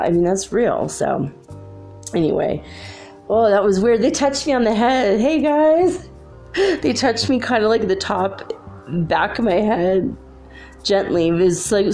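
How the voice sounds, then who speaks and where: A woman talks in a low, gravelly voice with a lot of vocal fry. Her vlog is casual and rambling, full of "like". Faint music plays behind her in her room. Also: darkish tone. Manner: rambling, chatty, uses "like" often. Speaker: vlogger. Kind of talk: casual spiritual vlog commentary. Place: her room at home, alone.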